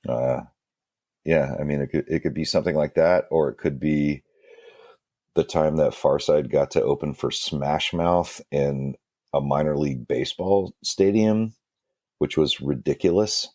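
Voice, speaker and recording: A man's voice: extremely low pitch, unhurried, a little mellow, dry recording, clean studio sound. A man, a guest musician, telling rambling, self-deprecating stories in a casual interview, with lots of fillers and restarts. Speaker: guest musician, band singer.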